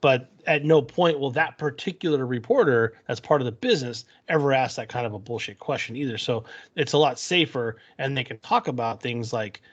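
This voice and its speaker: A man's voice: mid-range voice, a little fast, few pauses, highs cut off. A man co-hosting a podcast in casual chat, laying out an argument thoughtfully. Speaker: podcast co-host.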